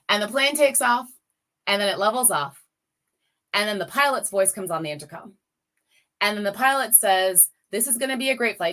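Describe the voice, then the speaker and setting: A woman's voice: medium pitch, pushed and bright. A woman in her forties, a guest speaker on a campaign call, telling a personal story with emotion and rallying her listeners directly. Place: lives in the US Midwest.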